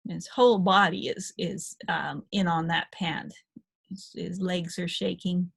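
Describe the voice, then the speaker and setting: A woman's voice: on the low side, steady tone, measured pace, creaky, slight background noise. A woman dog-behavior trainer giving a chatty recorded lecture, talking through slide photos with small laughs.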